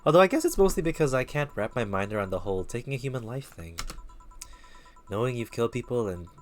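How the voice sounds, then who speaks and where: A man voicing a worldly bar patron who tells dark stories, in a put-on, vaguely Russian accent with a measured, lowered delivery while reading game dialogue aloud. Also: animated, natural voice. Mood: storytelling. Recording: faint music behind.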